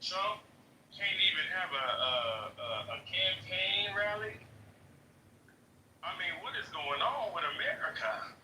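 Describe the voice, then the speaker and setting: A man hosting a casual comedic podcast, animated and profane, laughing often. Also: sits high, unhurried. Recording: echoey room, distant from mic, faint noise.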